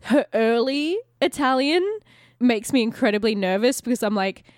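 A woman's voice: on the high side, moderate pace, no echo, studio quality. A young woman chatting casually as a podcast guest, laughing often and swearing offhandedly. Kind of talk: casual chat.

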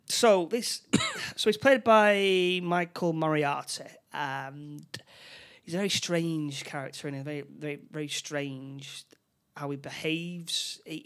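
A man recapping a film plot in casual chat, with halting delivery, many restarts and tag questions. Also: a little high.

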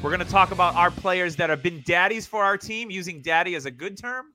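Joking podcast host guy, bright higher voice, dry close sound. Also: fairly quick, no room sound, faint music behind. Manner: joking, teasing. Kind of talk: casual chat.

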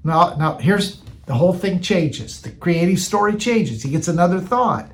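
High-voiced man preaching a sermon. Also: expressive, normal speed. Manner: conversational, repeats phrases for emphasis.

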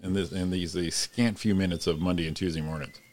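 A man's voice: sits low, steady tone, a little fast, darkish tone. A man co-hosting a casual morning show, laughing often, swearing freely and tripping over his words. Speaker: co-host.

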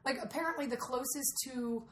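A woman from Georgia chatting casually on a podcast, animated and quick with asides. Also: high voice. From Atlanta, Georgia. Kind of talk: casual chat. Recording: roomy echo, faint noise.

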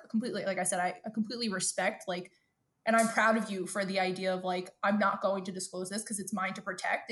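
A woman's voice: mid-range voice, a bit bright. A woman in her late twenties with a mid-range voice co-hosts a casual podcast chat. She talks frankly and with emphasis, swears freely, and acts out the lines of people she quotes. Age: late 20s. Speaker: podcast co-host.

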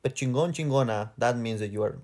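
A man's voice: medium pitch, brisk, darkish tone. A man from Mexico with a Mexican Spanish accent, co-hosting a podcast in casual chat, rambling and correcting himself as he hunts for English words. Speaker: podcast co-host.

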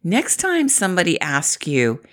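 A middle-aged woman from the Midwest speaks with a low, lively voice that rises and falls a lot. She talks to the viewer in a chatty, encouraging way, often laughing. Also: unhurried. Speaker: inspirational vlogger. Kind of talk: upbeat motivational talk to camera.

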